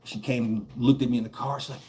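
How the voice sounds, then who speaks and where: A man's voice: medium pitch, fairly even intonation, quick pace, darkish tone. A man streaming a game while telling a story in a casual, profane, rambling way, laughing between lines.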